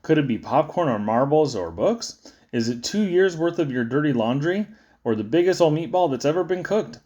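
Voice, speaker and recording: A man's voice: animated, moderate pace, a little mellow, lo-fi sound. Playful man reading children's poems. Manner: playful, sing-song delivery with sudden high squeaks and low drops. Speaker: poetry reader.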